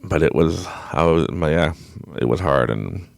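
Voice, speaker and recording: A man's voice: very deep voice, lively intonation, a little slow, vocal fry, no room sound, studio quality. A man in his late thirties telling a personal story on a podcast in a rambling, frank and emotional way, often restarting his sentences. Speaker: podcast guest.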